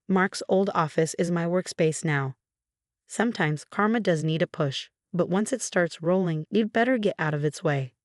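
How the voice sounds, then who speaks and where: A woman narrating a scripted first-person story in a calm, even manner. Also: on the low side, no room sound, studio quality.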